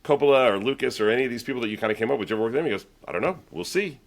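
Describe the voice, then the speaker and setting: A man's voice: medium pitch, very fast. A man interviewing a guest, talking eagerly and often restarting his sentences. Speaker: interviewer, user group host. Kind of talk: conversational interview.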